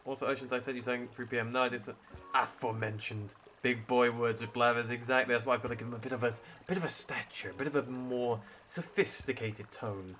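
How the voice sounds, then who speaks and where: A man's voice: mid-range voice, fast talker, heavy background noise. A man chatting casually with his live-stream audience while playing a game, joking and reacting between dialogue reads. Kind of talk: casual live-stream chat over gameplay. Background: loud game music.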